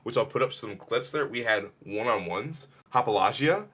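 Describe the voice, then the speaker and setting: Bright-voiced man telling stories casually. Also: normal speed. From Illinois. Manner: animated, rambling, acts out quotes in a higher voice. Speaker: podcast co-host. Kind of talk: casual storytelling chat.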